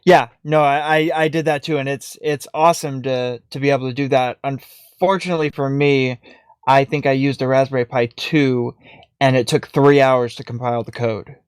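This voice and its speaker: A man's voice: mid-range voice, fairly even intonation, normal speed, smooth, dry recording, studio quality. A man co-hosting a casual tech podcast, talking hesitantly with frequent restarts. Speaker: podcast co-host.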